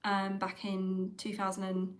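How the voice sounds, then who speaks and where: A woman's voice: medium pitch, monotone, unhurried. Woman, middle-aged, livestream host; chatty, rambling delivery, mid-range voice. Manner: chatty, rambling, with frequent ums and laughs. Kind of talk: casual chat about an author.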